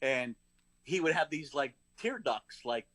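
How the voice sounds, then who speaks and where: A man's voice: medium pitch, animated, unhurried, fairly bright tone, no echo. A man on a podcast, casually telling a rambling story, full of "like" fillers. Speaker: podcast co-host. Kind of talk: casual chat.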